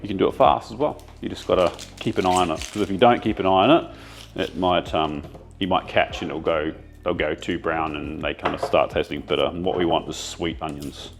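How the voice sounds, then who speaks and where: Low gravelly guy cooking at home, relaxed chatty vibe, a bit of music under it. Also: brisk. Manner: relaxed, explains as he cooks. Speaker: home cook and co-host. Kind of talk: casual cooking chat. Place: home kitchen.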